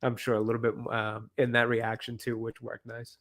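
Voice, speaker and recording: A man co-hosting a casual film review chat, giving measured, hedging comments. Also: medium pitch, monotone, a bit bright. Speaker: film podcast co-host.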